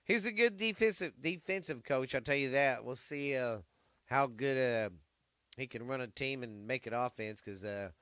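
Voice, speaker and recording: Bright, profane sports-talk man. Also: mid-range voice, normal speed, smooth, dry recording, studio quality. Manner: rambling, profane. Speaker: podcast host. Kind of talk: casual sports chat.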